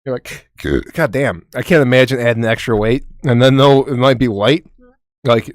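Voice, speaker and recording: A man's voice: medium pitch, fairly even intonation, normal speed, no room sound, studio quality. A man co-hosting a football podcast, talking casually with lots of swearing and laughter. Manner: profane, laughing, hyped. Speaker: podcast co-host. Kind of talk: casual sports chat.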